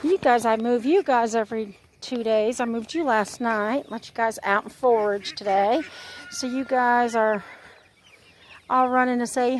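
Woman chatting to her ducks and rabbits outside, kinda high voice, cooing at them. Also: measured pace, slight background noise. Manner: chatty, coos at her animals. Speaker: homesteading vlogger. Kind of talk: casual walk-and-talk narration. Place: outdoors on a homestead with poultry.

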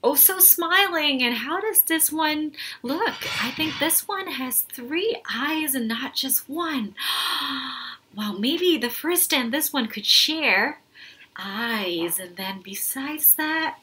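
A young woman, a music therapist, gently encouraging young children through a music lesson and singing along. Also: high-pitched. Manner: sings along with guitar.

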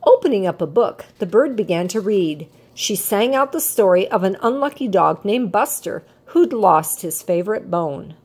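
An older woman reading a children's picture book aloud as a storyteller, with an expressive cadence. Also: mid-range voice, moderate pace, hardly any pauses, husky.

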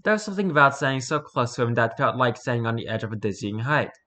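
A man casually reading a spooky first-person story aloud, relaxed and unpolished, stumbling and correcting himself as he goes. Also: medium pitch, fast talker. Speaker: story reader.

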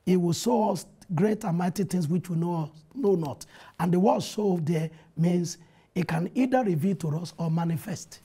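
A man in a TV studio interview shares his experiences as a pastor. His voice is dark and mellow with a strongly husky, raspy grain. He preaches earnestly, quoting scripture and retelling events with animation. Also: high-pitched, normal speed. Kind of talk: testimony in a TV interview.

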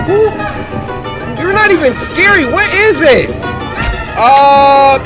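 Hyped high-voiced man gaming. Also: animated, very slow, long pauses. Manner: hyped, trash-talking, shouting catchphrases. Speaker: gaming YouTuber. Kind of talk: let's-play horror game commentary. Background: game music and sound effects.

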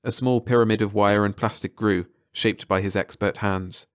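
A man narrating an audiobook in calm, measured scripted narration. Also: on the low side, clean tone, no echo, clean studio sound.

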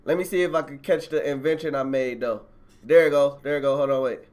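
A man's voice: mid-range voice, fairly even intonation, fast, darkish tone. A man telling a rambling story to his livestream viewers in slangy casual chat, talking to them directly on a phone at home. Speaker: live streamer telling a personal story.

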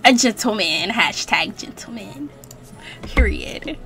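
A woman's voice: medium pitch, expressive, slow, pushed and bright. A young woman chatting playfully through a life-sim game, laughing often, using slang and reading in-game text aloud. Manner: casual slang and swearing. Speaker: let's play gamer. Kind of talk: casual gameplay commentary.

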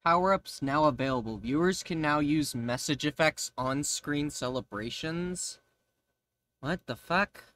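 A woman's voice: low-pitched, unhurried, no room sound. A woman streamer chatting casually on a livestream, ranting and swearing freely. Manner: ranting, profane, animated.

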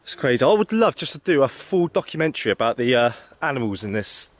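A man talks straight to his camera while exploring outdoors, chatty and quick to joke. His voice swings widely up and down as he gets excited, in a loose, casual vlog style. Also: medium pitch, no room sound. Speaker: vlogger exploring abandoned places. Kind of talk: casual travel vlog narration. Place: outdoors in an abandoned zone.

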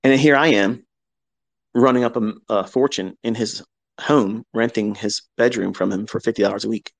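A man's voice: lowish voice, steady tone, normal speed, creaky, dry recording, rough recording. Blunt, profane man telling a story. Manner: blunt and profane, acts out both sides of remembered arguments. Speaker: host. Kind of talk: casual storytelling on a live audio chat.

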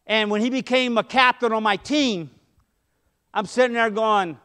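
A man with a high voice preaches a sermon in a church. His delivery feels conversational, with stories from his own life worked in between the points. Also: normal speed, pushed and bright. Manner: conversational preaching with storytelling asides. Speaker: pastor. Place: church sanctuary.

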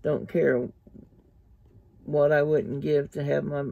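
Mumbling young man far from home, lifeless and scared, gravelly low voice, slow, read by a man. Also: flat delivery, dark tone, dry recording, muffled recording, exaggerated voice. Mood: despairing. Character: homesick frightened young country man.

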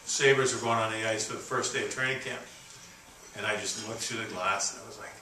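A man in his sixties from Canada giving a keynote speech, telling stories in a folksy, halting way full of fillers and restarts. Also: lowish voice, fairly even intonation, background noise. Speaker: keynote speaker. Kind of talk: storytelling speech. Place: conference hall. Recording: roomy, distant venue recording with faint ambience.

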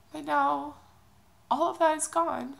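A young woman from Oklahoma, crying as she talks through an emotional personal update in a halting, confessional way. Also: high voice, fairly even intonation, gravelly, poor audio. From Oklahoma, USA. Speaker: vlogger.

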